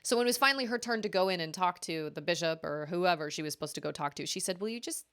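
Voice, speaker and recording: A young adult woman, a live streamer, telling stories in a chatty, animated way with quick asides. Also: fairly low pitch, clean tone. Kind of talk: casual storytelling on a live game stream.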